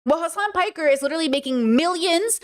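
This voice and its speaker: This streamer host has a very high, expressive voice and talks fast on her commentary livestream, emphatically quizzing her audience with rhetorical questions.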